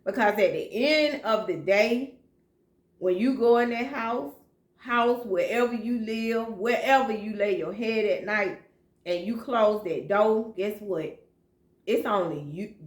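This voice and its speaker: A woman's voice: mid-range voice, reverberant. A woman telling her own life story as a single mother, speaking in a heartfelt, emotional way with speech. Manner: heartfelt, emotional, slow and plain-spoken. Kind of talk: personal storytelling vlog.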